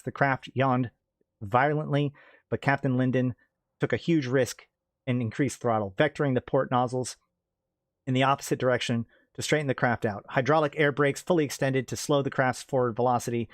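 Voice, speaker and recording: A man narrating science-fiction fiction aloud in a steady reading voice, now and then correcting slips. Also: medium pitch, no room sound, studio quality.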